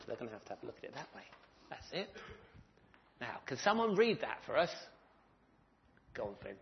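A man's voice: medium pitch, creaky, dull audio. A man giving a children's talk in a church service, telling a story and asking the children questions. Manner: animated storyteller who quizzes children. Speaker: minister.

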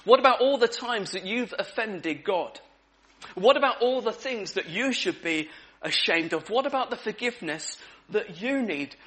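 High, bright-voiced male preacher. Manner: conversational, repeats key words for emphasis, frequent ums. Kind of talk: evening sermon.

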